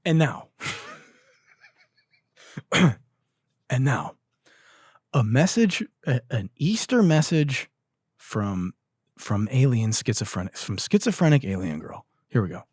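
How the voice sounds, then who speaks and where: A man's voice: medium pitch, very animated, slow, pauses often, a little mellow, husky, no room sound, studio quality. A man hosting a comedy podcast, profane and exasperated, often breaking into laughter as he comments. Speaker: podcast host.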